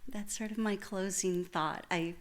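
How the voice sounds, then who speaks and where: A woman's voice: medium pitch, steady tone, a little slow. A woman who is a podcast guest, chatting casually and effusively, laughing often. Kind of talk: casual chat.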